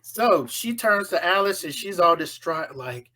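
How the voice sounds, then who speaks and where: A woman casually recapping a horror film in an animated way, acting out the characters' lines as she goes. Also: on the low side, measured pace, hardly any pauses.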